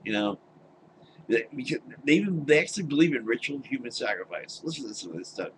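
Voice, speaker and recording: A man's voice: mid-range voice, big pitch swings, fairly quick, a bit bright, a little hiss or hum, rough recording. An older man ranting into his webcam at home, blunt and exasperated, swearing and scoffing in disbelief. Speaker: webcam vlogger. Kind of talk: angry personal rant.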